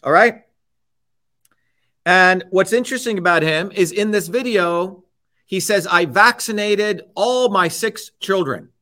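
A man's voice: sits high, bright, forceful tone. A man hosting a show, giving heated, combative political commentary and repeating his points with "okay?". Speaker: host.

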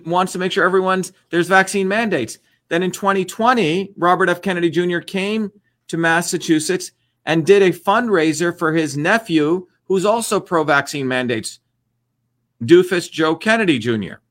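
A man's voice: high-pitched, fairly bright tone. A man hosting an online livestream, delivering ranting political commentary in a combative, repetitive, emphatic way.

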